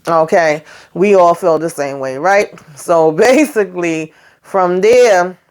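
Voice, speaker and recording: Donna chiacchierona che racconta un episodio. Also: female voice, lowish voice, slow pace, a little mellow. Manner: chatty, slangy, addresses viewers directly; acts out characters' lines while retelling. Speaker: YouTube host. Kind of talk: casual TV episode recap.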